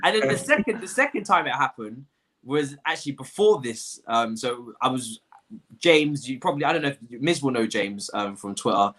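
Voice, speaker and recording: A man's voice: mid-range voice, moderate pace. A young man hosting a casual chat and telling stories with plenty of laughter and acted-out quotes. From London. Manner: animated storyteller, acts out quotes, laughs often. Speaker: host.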